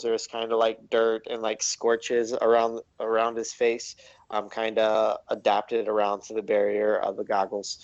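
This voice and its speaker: A man narrating a tabletop game as game master, halting and full of ums and likes. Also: on the low side, highs cut off.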